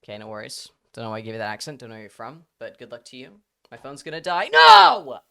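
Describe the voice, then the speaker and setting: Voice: mid-range voice, animated, very fast, fairly bright tone. A live streamer chatting casually with their audience, rambling, laughing often and swearing freely.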